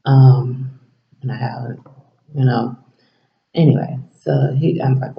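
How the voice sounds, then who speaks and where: This man's mid-range, gravelly voice stays fairly even as he takes his time telling a rambling personal story to camera. A vlogger, he acts out quoted conversation and sometimes lowers to a whisper, captured in dull, roomy lo-fi sound.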